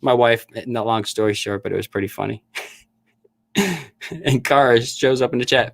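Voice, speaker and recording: A man's voice: mid-range voice, steady tone, normal speed, gravelly, no room sound, clean studio sound. A middle-aged man from Michigan's Upper Peninsula chatting casually with viewers on his livestream, laughing often and restarting his sentences. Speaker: livestream host and snake breeder.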